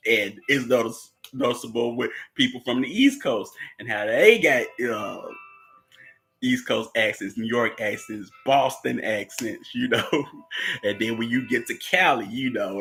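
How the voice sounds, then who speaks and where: A man's voice: mid-range voice, creaky, pushed and bright, poor audio. A man with a Southern US accent casually recapping and discussing a TV series, rambling with lots of fillers and frequent laughs. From United States. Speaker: show host. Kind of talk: casual movie recap and commentary.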